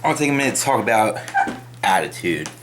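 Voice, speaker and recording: A man's voice: lowish voice, sing-song, quick pace, fairly bright tone. A young man vlogging casually at home, rambling with offhand, self-mocking asides. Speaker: fitness vlogger. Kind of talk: casual vlog narration. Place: home, kitchen and bathroom. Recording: home video with clear background noise.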